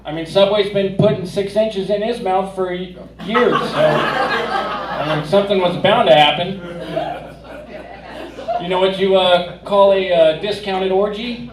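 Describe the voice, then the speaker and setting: A man performing a stand-up comedy set in a club, giving dry punchlines with a drawn-out delivery. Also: sits high, fairly even intonation, crowd noise. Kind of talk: stand-up routine. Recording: roomy club audio from a distance, audience laughter.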